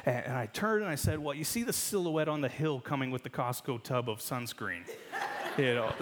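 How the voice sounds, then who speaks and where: A man in his thirties, a pastor giving a sermon, telling a lively story from his family life and often laughing at his own jokes before leading a prayer. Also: mid-range voice. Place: church sanctuary. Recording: long reverb of a church hall.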